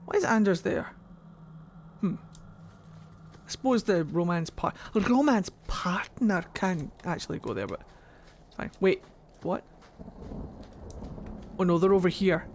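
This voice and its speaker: A woman's voice: fairly low pitch, big pitch swings, a little slow, pauses often, a little mellow, slight background noise. Chatty woman streaming a game. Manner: chatty, goofy, rambling. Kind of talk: casual gameplay commentary. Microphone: desk microphone.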